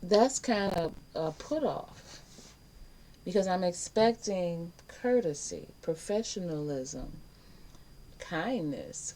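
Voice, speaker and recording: Woman, online teacher, warm mellow tone, emphatic chatty delivery. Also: fairly low pitch, slow pace, rough recording. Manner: emphatic and chatty, acts out quoted exchanges. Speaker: teacher hosting an online life skills class. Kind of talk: casual spoken lesson to camera.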